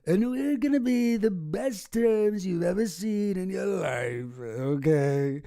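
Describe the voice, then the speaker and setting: A man's voice: high voice, expressive, slow, creaky, dark tone, voice pushed up, exaggerated voice. A man doing a comic impression of a boastful, blustering male politician who brags and repeats himself. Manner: bragging, repetitive, mocking.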